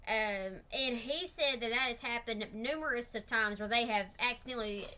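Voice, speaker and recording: Bright young Southern woman, offhand. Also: a little high, moderate pace, a little hiss or hum. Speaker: co-host, daughter. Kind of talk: casual reaction chat.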